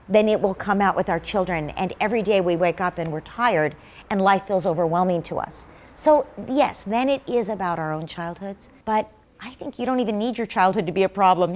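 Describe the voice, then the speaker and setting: A middle-aged woman with a medium-pitched, darkish voice answers interview questions as a parenting expert, giving conversational advice. She speaks earnestly, walking through everyday examples by acting out sample dialogues.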